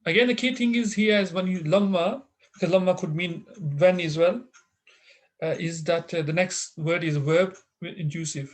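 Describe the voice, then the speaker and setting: A man teaching an online Arabic class, explaining grammar patiently with many pauses, fillers and restarts over a video call. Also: high-pitched.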